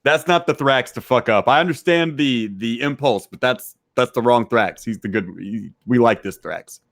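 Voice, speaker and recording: A man's voice: medium pitch, moderate pace, a bit bright. Brash, profane man riffing on live chat. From Texas. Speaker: podcast guest. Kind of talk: crude casual chat reading live chat.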